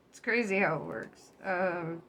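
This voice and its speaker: A woman's voice: medium pitch, slow, creaky. A young woman giving a casual tarot reading to her viewers, chatty and loose, laughing often and swearing freely. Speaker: tarot reader. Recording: faint background noise.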